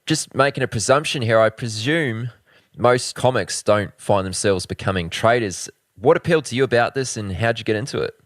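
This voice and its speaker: A man's voice: medium pitch, moderate pace, dry recording, clean studio sound. A man hosting a casual interview, asking brief, easygoing questions. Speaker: interview host.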